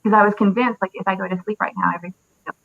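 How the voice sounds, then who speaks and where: Young woman in her twenties as an interview guest, halting and full of pauses, mid-pitched, dry phone-like sound. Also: fairly even intonation, vocal fry, dry recording. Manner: halting, many fillers and pauses. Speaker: interview guest, military widow. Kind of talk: emotional personal recollection. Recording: dry tinny phone-like audio.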